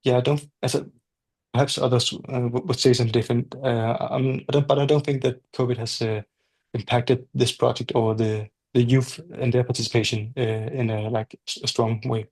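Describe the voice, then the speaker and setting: A man who facilitates a youth advisory board, answering at an online workshop in a halting way with many fillers. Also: mid-range voice, flat delivery, a little mellow.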